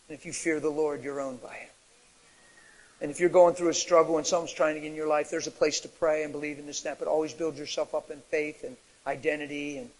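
A male preacher with a high voice delivers an animated sermon, swinging from quiet, low stretches to loud shouted peaks. His voice carries a long reverb from a large church hall.

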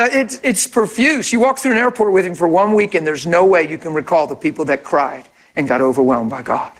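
A man pastor telling a story in a sermon, acting out each person's lines with lively dialogue. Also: on the high side, fairly quick, few pauses. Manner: animated, acts out quoted dialogue.

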